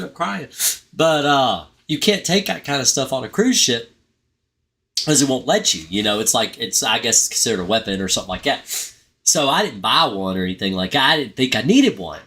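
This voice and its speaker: Bright-voiced middle-aged man rambling. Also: mid-range voice. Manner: rambling, laughing at himself. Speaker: pest control channel host. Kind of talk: casual live-stream chat.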